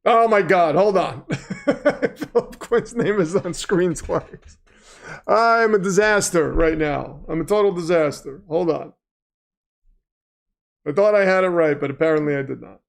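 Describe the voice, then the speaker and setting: A man hosting a casual livestream, chatting and commentating, flustered at times and prone to excited outbursts. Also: high-pitched, measured pace, creaky. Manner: flustered, self-deprecating, breaks into excited shouts. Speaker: livestream host.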